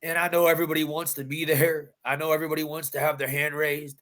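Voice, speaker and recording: An adult male bare-knuckle fighter describes his win after the fight, speaking fast in a slightly high, fairly bright voice with a level tone. He tells the story intensely and emphatically, repeating phrases.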